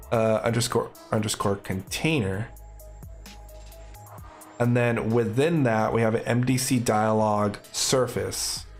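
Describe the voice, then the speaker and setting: A man streaming live coding, thinking aloud in casual, upbeat commentary. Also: medium pitch.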